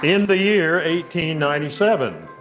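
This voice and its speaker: A man hosting, asking questions and reading a passage aloud in a measured, even way. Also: a little high, soft background music, some chatter behind. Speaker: host.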